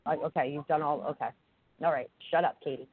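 A man co-hosting a podcast in casual chat, excitable and playful, with a stuffy nose that makes him sound nasal. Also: a little high, breathy edge, no echo. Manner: excitable, playful, quick to interject. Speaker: podcast co-host. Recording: tinny phone-line sound.

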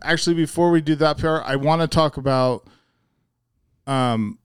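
A man hosting a casual podcast interview who asks halting, laid-back questions full of fillers. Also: a little high, smooth, no echo, clean studio sound. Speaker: podcast host.

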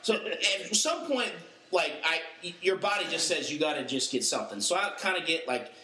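Animated storytelling man, slightly high voice. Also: normal speed, echoey room. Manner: animated, acts out quoted voices. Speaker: podcast panelist. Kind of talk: casual storytelling.

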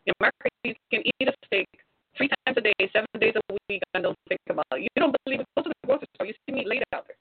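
Woman commentator, exhorting and preachy, dry close sound, husky voice. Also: a little high, animated, rapid-fire, dry recording. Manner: preachy, exhorting, rhetorical questions. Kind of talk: impassioned monologue to viewers. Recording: tinny phone-like sound.

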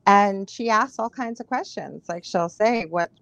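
A woman who works as a psychic medium, a podcast guest telling stories in a lively, chatty way with frequent laughs. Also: mid-range voice, creaky, dull audio. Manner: animated storyteller, laughs often, quick asides. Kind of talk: casual chat, storytelling.

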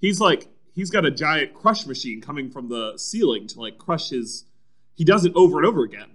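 Man, fairly high voice, lively up-and-down pitch, sarcastic, laughs a lot, swears. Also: a little fast. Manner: laughs often, sarcastic, profane. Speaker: podcast co-host. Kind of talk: casual chat about a movie.

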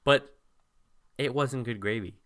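A podcast co-host in relaxed, joking banter. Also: mid-range voice, slow pace. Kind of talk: casual chat.

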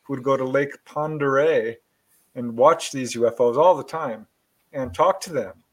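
A man's voice: mid-range voice, normal speed, breathy edge, poor audio. A man hosting an online talk show, retelling a story with enthusiasm. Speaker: host. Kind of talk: casual interview chat.

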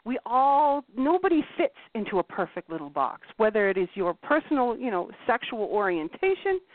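A woman hosting a casual talk show, blunt and animated, swearing freely and acting out quotes. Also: fairly high pitch, moderate pace, no room sound. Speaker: podcast host. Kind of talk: casual chat. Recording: tinny phone-like line, dry.

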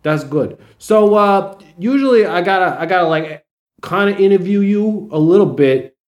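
A man's voice: high voice, moderate pace. A man hosting a podcast, chatting loosely with a guest, swearing freely and laughing often. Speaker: podcast host. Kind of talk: casual chat.

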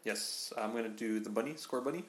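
A man co-hosting a casual podcast chat, laid-back and quick to laugh. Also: fairly low pitch, reverberant. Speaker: podcast co-host.

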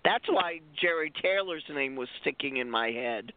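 A woman's voice: low voice, expressive, moderate pace, no room sound. A woman guest who is a stunt performer, telling rambling, digressive stories in a casual chat over a phone line. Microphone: phone call-in. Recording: dry, tinny phone line.

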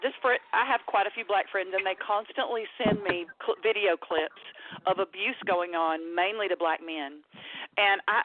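Emotional woman caller on a tinny phone line. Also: mid-range voice. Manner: emotional, animated, halting restarts. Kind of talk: telling a personal story on a call-in show.

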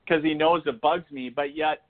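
Medium guy on a tinny phone line, kinda high voice, cracking up at his own stories. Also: moderate pace. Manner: animated, laughing anecdotes with acted-out quotes. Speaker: spiritual medium guest. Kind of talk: casual storytelling on a call-in show.

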